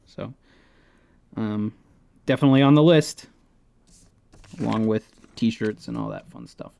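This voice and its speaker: A man's voice: lowish voice, unhurried, gravelly, dark tone. A man co-hosting a casual podcast, rambling loosely and cursing freely as he reads out mail and plugs. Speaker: podcast co-host. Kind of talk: casual swearing podcast chat.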